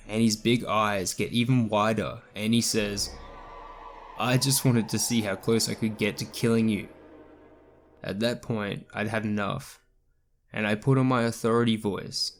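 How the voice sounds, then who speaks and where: A man narrating a true scary story in the first person, in a steady, scripted storytelling manner. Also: on the low side.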